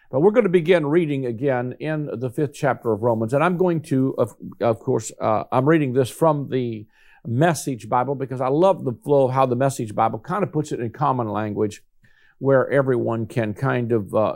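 A man preaching a sermon, emphatic, slowing down to stress key points. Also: medium pitch, darkish tone. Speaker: pastor.

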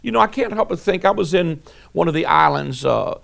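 A man's voice: on the high side, lively intonation, brisk, creaky, fairly bright tone. A male pastor preaching a sermon, reading scripture and telling folksy personal stories with many fillers and restarts.

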